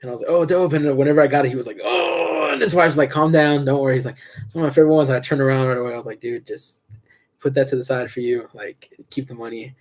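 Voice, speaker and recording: A young man co-hosting a podcast, telling stories in a slangy, animated way. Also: medium pitch, vocal fry. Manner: fast, slangy, animated storyteller. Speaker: podcast co-host. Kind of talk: casual chat, storytelling.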